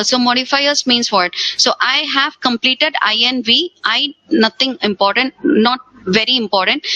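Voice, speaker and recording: Bright-voiced woman teaching grammar. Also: on the high side, rough recording. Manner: repeats key words, asks rhetorical questions. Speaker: English teacher. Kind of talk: exam-prep grammar lesson.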